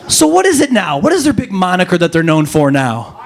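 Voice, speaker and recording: A man performing a stand-up comedy set, telling stories with animated, rising punchlines. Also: fast talker, vocal fry. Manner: animated storytelling, jumps to high pitch for punchlines.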